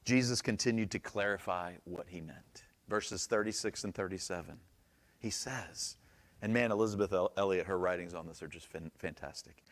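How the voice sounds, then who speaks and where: A man's voice: deep voice, normal speed. A man pastor preaching a sermon in a church, conversational and joking, asking the congregation questions.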